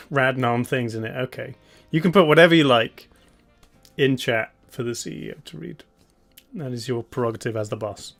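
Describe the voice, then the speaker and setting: A man's voice: mid-range voice, moderate pace, vocal fry, a bit bright, faint music behind. A man hosting a live stream in a casual, laid-back way. He chuckles often and hums idly between remarks. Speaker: streamer host.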